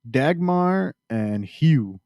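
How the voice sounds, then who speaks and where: A man's voice: a little high, animated, very slow, dark tone, dry recording. Man, podcast host, crude jokes, teasing, tipsy, dry sound. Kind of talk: casual podcast chat.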